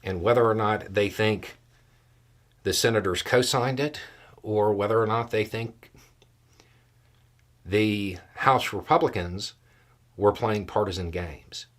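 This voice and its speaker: Low-voiced man giving steady analysis. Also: slow, pauses often. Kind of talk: measured political analysis.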